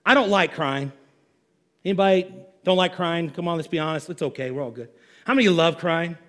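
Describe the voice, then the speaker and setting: A male pastor preaching a sermon to his congregation, animated and conversational, asking the room questions. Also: fairly high pitch, fairly quick.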